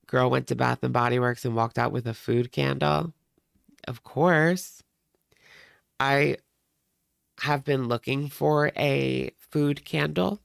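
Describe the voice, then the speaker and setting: Very gravelly man chatting slowly. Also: mid-range voice, fairly even intonation, no room sound, clean studio sound. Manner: chatty, rambling, talks to viewers. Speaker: reaction livestream host. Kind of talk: casual livestream chat.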